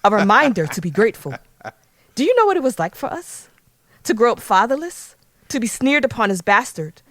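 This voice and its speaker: A woman's voice: a little high, very animated, a little fast, no echo, studio quality. A woman putting on a bitter, proud young male sailor of humble birth, reading his grave, resentful speech.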